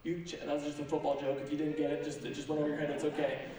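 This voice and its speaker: A pastor preaching a sermon in an animated, joking manner with sarcastic asides. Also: male voice, fairly high pitch, rapid-fire, crowd noise. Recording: echoey sanctuary, from a distance.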